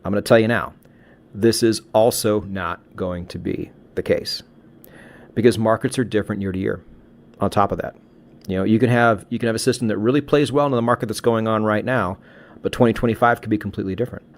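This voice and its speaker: A man with a lowish voice talks through his points in a relaxed podcast chat. He is middle-aged, reflective, and often restarts his sentences as he gives advice to listeners. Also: a little fast. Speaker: podcast co-host. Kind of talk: casual podcast conversation.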